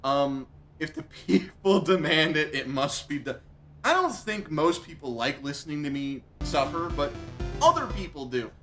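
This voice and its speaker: A man's voice: fairly high pitch, big pitch swings, normal speed, music in the background. A male streamer in pain from hot sauce, groaning, yelping and repeating himself with watering eyes. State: eyes watering, mouth burning. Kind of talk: live game stream chat.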